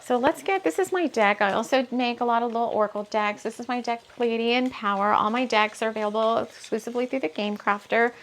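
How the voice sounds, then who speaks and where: A woman's voice: on the high side, brisk, few pauses. A woman who is an author doing an intuitive spiritual reading, thinking aloud with many asides while she reads from her book.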